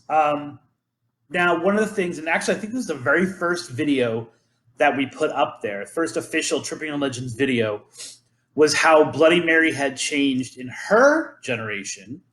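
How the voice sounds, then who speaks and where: A man's voice: fairly high pitch, a bit bright. A man hosting a podcast, chatting casually and rambling through legends with many ums and restarts. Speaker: podcast host. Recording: roomy echo.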